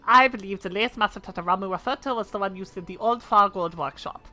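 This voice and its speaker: A woman's voice: medium pitch, quick pace, pushed and bright, close to an everyday voice. A woman reading out the lines of a wistful old man who reminisces in a formal, storytelling way. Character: old man reminiscing about airship days. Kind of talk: reading game dialogue aloud.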